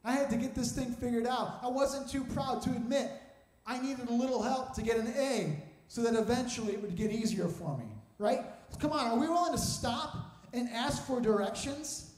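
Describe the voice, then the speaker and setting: Man, young adult, sermon, very high voice, lively storytelling, echoey hall. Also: moderate pace. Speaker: preacher.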